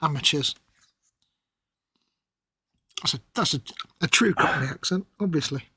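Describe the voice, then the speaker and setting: Middle-aged man, a little higher voice, breathy, dry deadpan wit for a relaxed stream. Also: a little slow, dry recording. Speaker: co-host. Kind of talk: casual live-stream chat.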